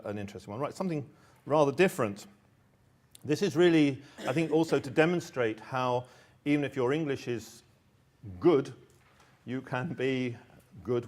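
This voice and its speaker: A man's voice: medium pitch, a little mellow. A middle-aged man with an ordinary mid-range voice gives a talk to an audience. He often stumbles and restarts, repeating small words before he finds the phrase. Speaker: teacher and author presenting a course book. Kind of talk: presentation talk.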